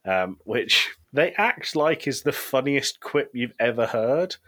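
A man's voice: mid-range voice, big pitch swings, slow, pushed and bright. A British man co-hosting a podcast, chatting casually with dry, pessimistic humor. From Britain. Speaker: podcast co-host. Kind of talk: casual chat.

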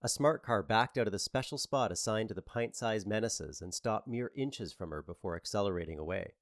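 A man narrating a novel as an audiobook, with a wry, lively storytelling manner. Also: on the low side, brisk, dry recording, clean studio sound.

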